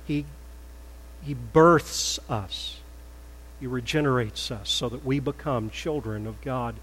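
An older man preaching a sermon in a church, stressing words loudly, then dropping to a soft prayerful tone. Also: medium pitch, slow pace, husky, long reverb tail, rough recording. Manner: emphatic, swings between loud stresses and soft prayer. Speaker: pastor. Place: church sanctuary.

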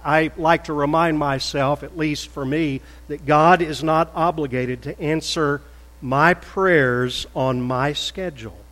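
A man preaching a sermon as a pastor, measured and deliberate, rising to loud emphatic peaks. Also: fairly high pitch, fairly even intonation. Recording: echoey hall with faint mains hum.

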